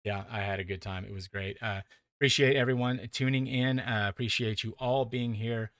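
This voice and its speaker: Bright, rambling racing stream host man. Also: medium pitch, fairly even intonation, moderate pace, no room sound, studio quality. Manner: rambling, self-deprecating, filler-heavy. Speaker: sim racing broadcast host. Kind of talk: casual closing commentary.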